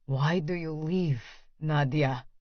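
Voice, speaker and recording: A woman voicing an intense Russian man with a thick accent and a low, heavy voice, in an audiobook. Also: slow, no echo. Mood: soft, hurt. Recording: dry, slightly dull studio audio.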